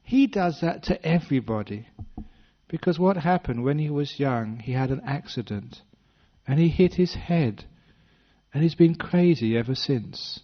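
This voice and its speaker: An older English man speaks as a Buddhist monk giving a dharma talk, with an even, mid-range voice. He tells the story with a light, humorous touch and slips into small voices for the people in it. The recording sounds dull and lo-fi. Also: medium pitch, a little slow. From British-born, based in Western Australia.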